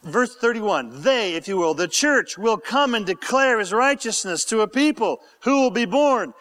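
A man preaching a sermon as pastor, then praying with passion and sinking into hushed whispers. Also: sits high, animated, normal speed, few pauses. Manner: impassioned, dropping to hushed whispers in prayer. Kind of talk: sermon and closing prayer.

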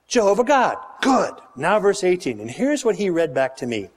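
High, lively preaching man. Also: moderate pace, hardly any pauses. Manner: emphatic, calls for congregation responses; reads scripture aloud with rising emphasis. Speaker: pastor. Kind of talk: sermon.

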